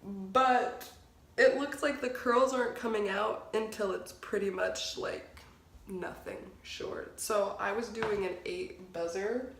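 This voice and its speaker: A woman's voice: mid-range voice, vocal fry, a bit bright. Chatty self-mocking woman vlogger. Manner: chatty, self-mocking, often laughing nervously. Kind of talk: casual vlog chat to camera. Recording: echoey room with background noise.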